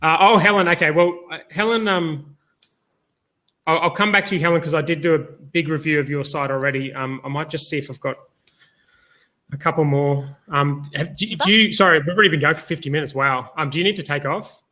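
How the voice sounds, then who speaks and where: A man's voice: a little high, fairly quick, sharp tone. A man hosting a live online review session. He talks hesitantly and restarts often. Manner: hesitant, with many restarts and laughs. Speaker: host.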